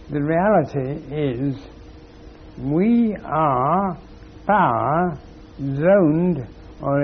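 A man giving a slow, measured spiritual lecture with long pauses. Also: on the high side, narrow, tinny audio, slight background noise.

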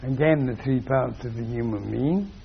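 A man giving a slow, measured spiritual lecture with long pauses. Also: mid-range voice, vocal fry, lo-fi sound, a little hiss or hum.

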